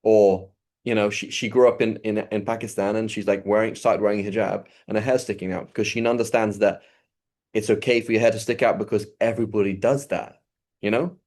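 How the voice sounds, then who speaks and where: A man teaching a religious lesson in a casual, conversational way, acting out little dialogues as he goes. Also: fairly low pitch. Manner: animated, acts out dialogue in quick asides. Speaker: Islamic teacher.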